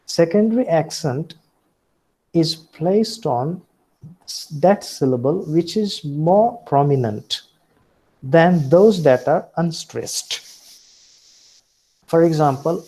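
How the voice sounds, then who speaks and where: A man with an Indian English accent giving a recorded lecture, speaking deliberately with frequent fillers and self-corrections. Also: fairly high pitch, lively intonation, mellow, poor audio.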